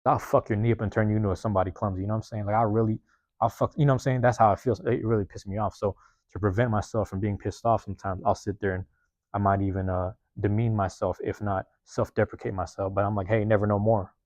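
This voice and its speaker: Fast-talking low-voiced man, profane. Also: fairly even intonation, darkish tone, no echo. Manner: profane, rambling, streetwise talk; self-reflective, keeps checking in with listeners. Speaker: podcast host. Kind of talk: casual monologue.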